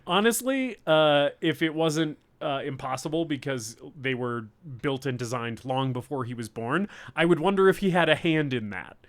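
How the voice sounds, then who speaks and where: A man with a slightly raised pitch, co-hosting a casual movie podcast. He recaps scenes in loose, profane banter and breaks into giggles easily. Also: expressive, normal speed, few pauses. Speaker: podcast co-host. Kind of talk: casual movie-review chat.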